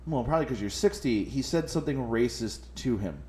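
A man on a podcast in casual chat, telling an animated, profane story full of quoted voices. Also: mid-range voice, a little fast. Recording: echoey room.

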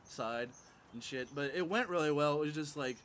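A man telling a story in a casual podcast chat on a porch, animated and profane, often laughing as he talks. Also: a little high, normal speed, a crowd in the background. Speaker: podcast panelist and stand-up comic. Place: home porch, outdoors.

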